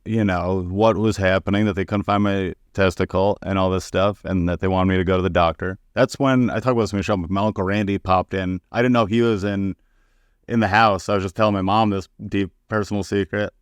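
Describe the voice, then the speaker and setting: A man's voice: sits low, fairly even intonation, brisk, smooth, no echo, studio quality. A man, a comedian guest, telling personal stories in a candid, profane, casual way and acting out the people he quotes. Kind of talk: casual podcast storytelling.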